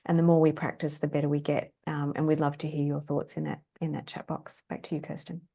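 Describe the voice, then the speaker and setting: A woman moderates an online session, keeping her words brief before handing back. Her voice is very low and level for a woman, with a dark, mellow tone. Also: little pitch movement, fast talker, gravelly, husky. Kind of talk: live webinar presenting.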